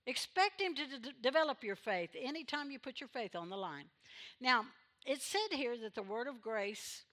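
A woman pastor with a bright, ringing voice and a fairly high pitch preaches to her church. She swings between soft, quick asides and sudden loud, emphatic calls to the congregation. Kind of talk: sermon. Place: church sanctuary.

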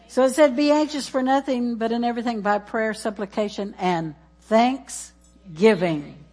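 A woman's voice: fairly high pitch, normal speed, a little mellow, faint music behind. A woman preaching in church, exuberant and laughing as she chants scripture and calls out praise. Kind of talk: sermon.

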